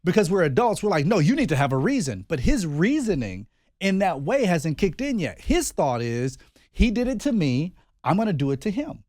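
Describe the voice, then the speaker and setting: A man co-hosting a casual podcast, telling a family story in an animated way and often repeating his words as he thinks. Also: high-pitched, normal speed, no echo, clean studio sound. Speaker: podcast co-host and father.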